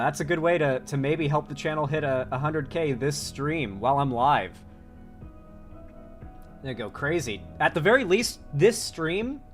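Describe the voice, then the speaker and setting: Male live-stream host, loose and profane, a touch high, faint background music. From Florida. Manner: rambling, profane, excitable. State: sore throat. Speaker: political commentary streamer. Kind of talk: casual live-stream chat.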